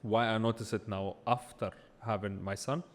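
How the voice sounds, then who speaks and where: A man's voice: fairly low pitch, fairly even intonation, moderate pace, in a large hall. A man co-hosting a casual podcast, joking and then giving earnest opinions. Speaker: co-host.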